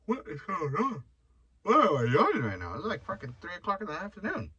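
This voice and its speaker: A man's voice: high voice, huge pitch swings, fairly quick, pushed and bright, husky, lo-fi sound. A young man hosting his own podcast, telling rambling stories in a loose, profane, joking way. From Mexican heritage. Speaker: podcast host. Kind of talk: casual solo podcast rant.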